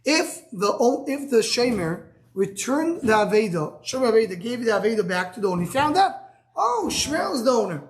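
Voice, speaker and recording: A man's voice: extremely high pitch, big pitch swings, moderate pace. Style man teaching a Talmud class. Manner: thinks aloud with many restarts, fields student questions.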